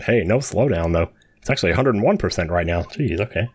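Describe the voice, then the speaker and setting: A man's voice: low voice, normal speed, pauses often, a little mellow. A young man hosting a let's play, joking and reacting aloud while he reads the game's dialogue. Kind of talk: casual game commentary.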